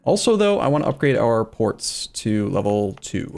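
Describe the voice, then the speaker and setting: A man's voice: fairly low pitch, big pitch swings, normal speed, creaky, a little mellow. A man streaming a strategy game, chatting casually as he plays, thinking aloud and answering his chat. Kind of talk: casual let's-play commentary.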